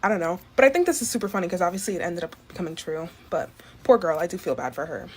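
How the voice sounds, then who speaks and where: A woman talks fast and breathlessly through her take on a celebrity rumor. Her tone is gossipy and incredulous, in the style of a quick social media commentary. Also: lowish voice, lively intonation, a little mellow, husky.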